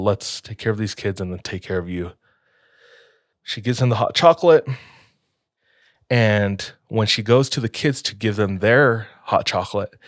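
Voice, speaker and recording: A man's voice: fairly low pitch, no echo, clean studio sound. A young man casually telling a spooky story on a podcast, laid-back with lots of filler words.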